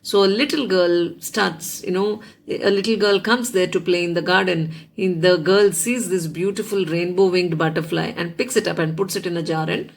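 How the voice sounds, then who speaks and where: A woman's voice: fairly low pitch, steady tone, moderate pace, gravelly, few pauses. A woman hosting a weekly storytelling show, telling a children's fable with lots of casual fillers. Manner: chatty, many fillers like "you know" and "yeah". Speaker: storyteller host.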